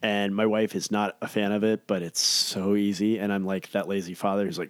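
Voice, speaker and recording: Man, podcast co-host, low voice, slightly drowsy, laid-back, dry close sound. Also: little pitch movement, brisk, hardly any pauses, dry recording. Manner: laid-back, chatty, laughing often. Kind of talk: casual chat.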